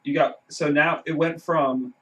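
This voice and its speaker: A man's voice: a little high, steady tone, measured pace, a bit bright, distant mic. A man from New Orleans, a guest on a casual sports podcast, who rambles and repeats words as he thinks.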